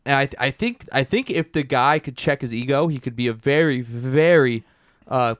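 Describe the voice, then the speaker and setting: A man co-hosting a podcast in casual chat, measured and hedging. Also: mid-range voice, fairly bright tone, clear, resonant tone, no room sound, studio quality. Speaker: podcast co-host.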